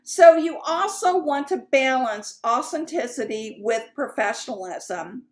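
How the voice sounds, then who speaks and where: A woman's voice: sits high, lively intonation, unhurried. A woman sales coach teaching in a chatty, candid way, with fillers and asides. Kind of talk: casual teaching talk.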